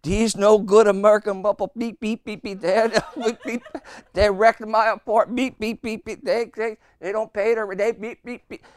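A man voicing an excitable male landlord who turns from gushing politeness to sputtering, cursing rage. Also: fairly high pitch, fairly quick, smooth, no room sound, close to an everyday voice. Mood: ranting. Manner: sputtering, shouting curses bleeped as "beep".

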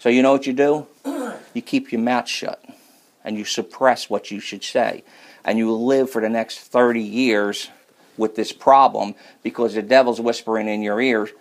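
A man's voice: medium pitch, moderate pace. A man preaching a sermon on marriage in a folksy, joking manner.

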